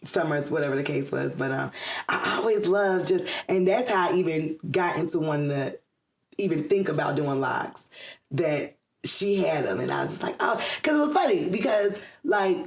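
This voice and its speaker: A woman's voice: low voice, expressive, moderate pace, reverberant. A middle-aged woman from the Atlanta area, chatting as a guest in an interview, with lots of ums and frequent laughs. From Atlanta area, USA. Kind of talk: casual interview chat.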